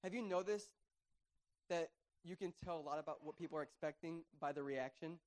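A pastor giving a sermon with animated, conversational preaching and playful asides. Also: male voice, fairly high pitch, brisk.

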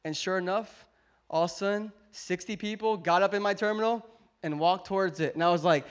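A man in his thirties preaching a sermon, telling a family story and building to a loud, emphatic climax. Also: sits high, brisk. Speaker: pastor.

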